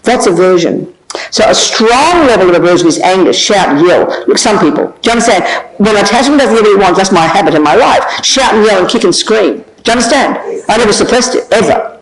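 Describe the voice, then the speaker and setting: An older woman, a Buddhist nun, giving an informal teaching with frank, animated, self-mocking talk and frequent laughter. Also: mid-range voice, a little fast, a crowd in the background, rough recording. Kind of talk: informal dharma talk with questions. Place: teaching hall of a meditation centre.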